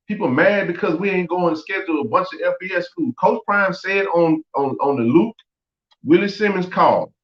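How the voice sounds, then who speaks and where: A man hosting a sports podcast, giving blunt, opinionated talk and repeating phrases for emphasis. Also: on the high side. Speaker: podcast host. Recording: echoey, dull lo-fi audio.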